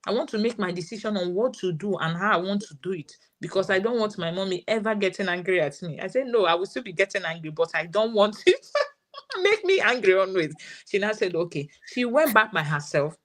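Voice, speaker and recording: A woman's voice: medium pitch, expressive, fairly quick. A woman in her thirties with a Nigerian English accent, telling a story as a parent guest in a live session and quoting her daughter's words.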